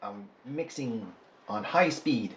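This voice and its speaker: A man talks casually while he sculpts, rambling and poking fun at himself. His voice sits at an ordinary pitch. The room is echoey, with faint ambient noise behind him. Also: expressive, takes it slowly. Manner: rambling, joking, self-deprecating. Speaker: polymer clay artist.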